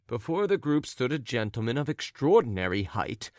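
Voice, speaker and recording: An audiobook narrator reads a classic story in a measured, even storytelling manner. His voice is mid-range, and the scripted narration has a clean studio sound with no room noise.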